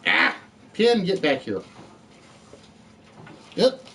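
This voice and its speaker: A man's voice: high-pitched, huge pitch swings, very slow, a bit bright, slight background noise. A man hosting a live-streamed word game show, chatty, reading out letters and scores and joking with the players.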